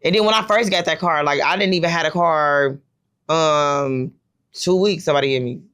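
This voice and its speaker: A woman's voice: sits low, normal speed, fairly bright tone, clear, resonant tone. A woman in her thirties hosting a podcast, telling rambling stories with lots of fillers in casual chat. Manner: rambling, storytelling with many fillers. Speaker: podcast host.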